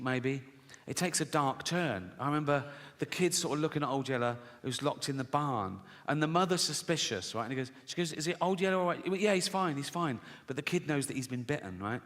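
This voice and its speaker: On a theater stage, a stand-up comedian tells stories in a profane, sardonic style and acts out the voices. His voice is medium-pitched, fairly bright, animated, and a little fast. The set is recorded live in a large reverberant hall with faint noise and audience laughter.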